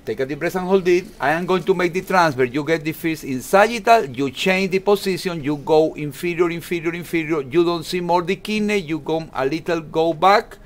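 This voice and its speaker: A man giving a calm, step-by-step ultrasound demonstration in an exam room, with non-native English phrasing. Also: fairly high pitch, a little fast, few pauses. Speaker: ultrasound instructor.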